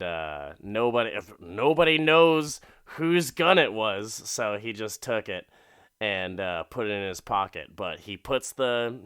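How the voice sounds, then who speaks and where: A man's voice: on the low side, a bit bright, smooth, no echo, studio quality. A man casually recapping a horror episode for a comedy podcast, rambling and profane, acting out the characters' lines as he goes.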